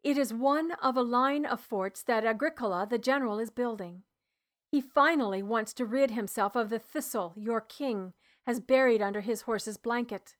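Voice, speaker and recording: A woman's voice: a little high, normal speed, lightly acted. Woman reading as a weary tribal healer. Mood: earnest, urgent. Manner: earnest, heavy, grave. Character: weary male tribal healer serving the Romans, grave. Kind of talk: audiobook character reading.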